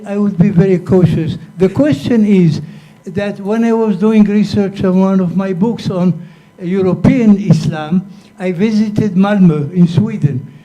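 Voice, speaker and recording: A man's voice: sits high, mellow, muffled recording. A man in a lecture hall audience asking a panel a question, leading in with a wry anecdote. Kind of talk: conference Q&A question.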